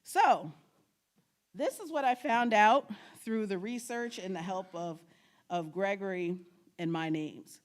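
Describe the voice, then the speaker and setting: A woman from New York giving a storytelling presentation as a guest speaker, animated and often laughing as she acts out her family's words. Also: mid-range voice, slow pace. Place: lecture at a state archives building.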